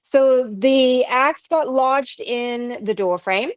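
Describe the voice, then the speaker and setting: A woman's voice: high-pitched, slow pace, no room sound, low-quality recording. A Canadian woman co-hosting a podcast, telling ghost stories in a casual, chatty way with laughs and asides. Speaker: podcast co-host. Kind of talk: casual chat, storytelling.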